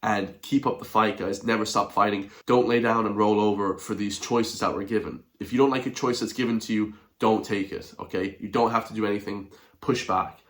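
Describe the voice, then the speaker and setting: Man, lowish voice, heated vlog rant, scornful and animated. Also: brisk. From Ireland. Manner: animated, scornful, mock gasps. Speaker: political commentary vlogger. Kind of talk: ranting video commentary.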